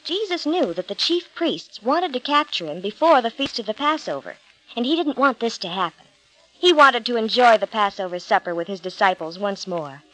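A woman reads a storybook Bible tale aloud in a steady, clear manner. Her voice sits somewhat high for a woman. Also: moderate pace, low-quality recording. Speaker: narrator.

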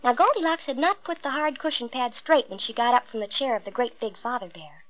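A woman reading a fairy tale aloud with expressive, emphatic storytelling. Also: on the high side, brisk, rough recording.

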